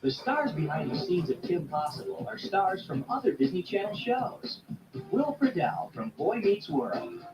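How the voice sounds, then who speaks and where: A man's voice: high voice, sing-song, a little slow, muffled recording, loud music behind the voice. A man announcing channel promos in an upbeat announcer delivery. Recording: TV audio from far off in a roomy space.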